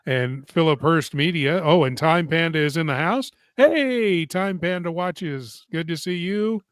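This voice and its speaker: A man's voice: on the high side, unhurried, smooth, no echo, studio quality. A man hosting a casual live stream, chatting and reading viewer comments aloud. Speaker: host.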